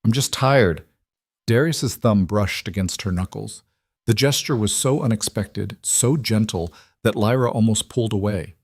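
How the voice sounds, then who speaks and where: A man narrating a romance fantasy audiobook in a steady, measured way. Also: fairly low pitch, breathy edge, dry recording, clean studio sound.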